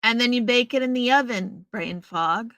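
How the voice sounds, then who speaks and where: Wearing a headset earpiece mic at home before a green screen, a woman runs a relaxed livestream, talking with viewers and replying to their messages by name. She speaks at a fairly high pitch and moderate pace, slightly bright, in a dry, rough recording.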